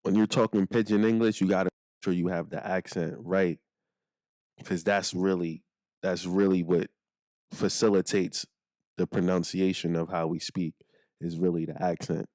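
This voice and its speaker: A man with a Nigerian accent teaching a casual language lesson, slowing down to say phrases for the listener to repeat. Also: low-pitched, level tone, a little mellow, no room sound, clean studio sound. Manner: slows down to model phrases for repeating.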